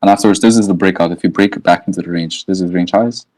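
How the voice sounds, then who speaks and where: A man's voice: low voice, steady tone, fast talker, a little mellow, low-quality recording. A man walking through trading charts live in a casual, slangy way, thinking aloud and often checking in with "right?". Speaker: trading educator.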